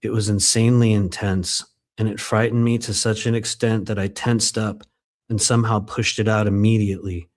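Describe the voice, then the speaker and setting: A man's voice: on the low side, little pitch movement, a little fast. A man reading aloud from his own book during a live stream, breaking off often into loose, conversational asides with plenty of fillers. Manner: conversational and digressive, many fillers.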